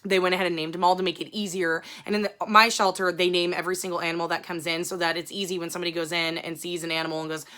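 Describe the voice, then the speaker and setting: Chatty woman with a bright, tense edge. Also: on the low side, little pitch movement, very fast, hardly any pauses. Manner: chatty, rambling, frank with casual swearing. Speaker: book vlogger. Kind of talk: casual chat.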